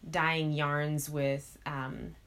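A woman with a notably low voice for a woman, chatting casually as a podcast co-host. She speaks in a measured way, working through her thoughts aloud with frequent pauses. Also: level tone, a bit bright. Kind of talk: casual chat.

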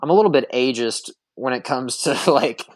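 A man chatting casually on a podcast, animated and profane, often laughing as he talks. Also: medium pitch, normal speed, no echo. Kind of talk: casual chat.

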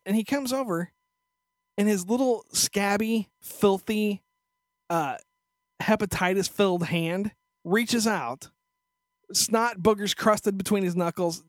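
A male podcast host with a high-pitched, unhurried voice and no echo tells a story into a studio microphone. It's a casual rant, crude, profane, and sarcastic.

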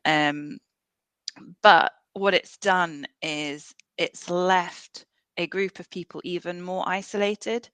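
A woman's voice: fairly low pitch, fairly even intonation, slow, a bit bright, smooth, no room sound. A woman researcher talking as a podcast guest, earnest and thoughtful, with frequent fillers and restarts. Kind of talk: podcast interview.

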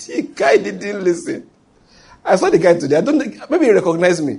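A middle-aged man with a Nigerian accent, preaching a sermon and telling lively stories with acted quotes. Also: sits high, moderate pace, gravelly, a little hiss or hum. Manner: animated storytelling preaching with acted quotes and pidgin asides. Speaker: pastor.

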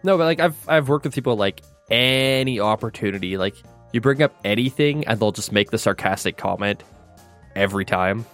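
A man's voice: fairly low pitch, lively intonation, a little fast, a bit bright, faint music behind. Dry, matter-of-fact podcast man. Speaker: podcast co-host. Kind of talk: casual group podcast chat.

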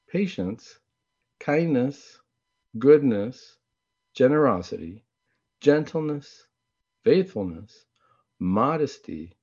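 A man hosting a Catholic talk show, chatting in a casual, conversational way and often clearing his throat. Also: fairly low pitch, a little mellow. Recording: dull lo-fi recording.

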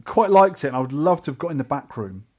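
A man with a London accent, co-hosting a podcast and telling a trip story in casual chat, animated and acting out the people he met. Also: on the high side, fast talker, breathy edge. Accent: English, London. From England. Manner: animated, acts out quoted voices. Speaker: podcast co-host.

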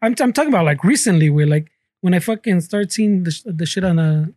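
A podcast host who talks loosely and profanely, often hunting for the right word. His voice is high for a man. The sound is close and dry. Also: lively intonation, fast, dark tone, no echo. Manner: profane, slangy, searching for words. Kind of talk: casual podcast chat.

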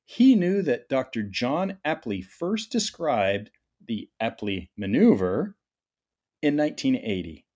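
A man's voice: medium pitch, very animated, slow pace, a little mellow. A middle-aged man from Canada hosting a medical podcast, chatty and enthusiastic, often restarting his sentences. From Ontario, Canada. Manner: chatty, enthusiastic, self-correcting. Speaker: podcast host. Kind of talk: casual medical podcast chat.

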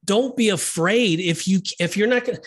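A man's voice: high voice, normal speed, husky. Earnest, emphatic man on a faith podcast. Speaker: podcast co-host. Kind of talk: casual faith discussion.

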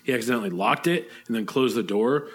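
A man who makes spirits, chatting casually on a podcast and telling animated stories with plenty of swearing. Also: mid-range voice, quick pace. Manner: animated storyteller, swears freely. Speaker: spirits producer and podcast co-host.

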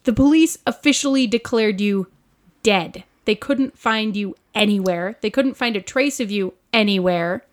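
A woman's voice: medium pitch, normal speed. A woman playing a tabletop role-playing game, laughing often and speaking earnestly in character. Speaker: player.

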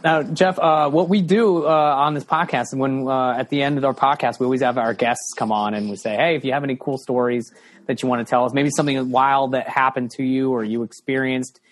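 A man's voice: medium pitch, steady tone, brisk. A man co-hosting a podcast, chatting casually in an enthusiastic, profane way. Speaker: podcast co-host. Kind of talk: casual chat.

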